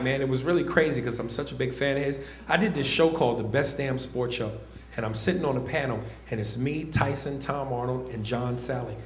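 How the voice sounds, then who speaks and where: A man's voice: fairly high pitch, roomy sound. A man performing a stand-up comedy set, telling stories animatedly on a club stage. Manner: animated storytelling, acts out voices.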